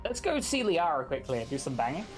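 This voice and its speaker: A man's voice: fairly high pitch, sing-song, fast, over music. A man live-streaming a game, chatting casually, joking and teasing as he reads chat aloud.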